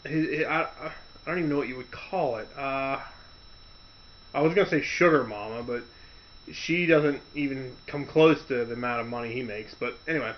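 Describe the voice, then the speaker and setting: A man's voice: mid-range voice, normal speed, a little hiss or hum. A man casually ranting on a podcast, telling a story in a rambling, loose way with restarts. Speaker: podcast host. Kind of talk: casual rant. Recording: dull lo-fi audio.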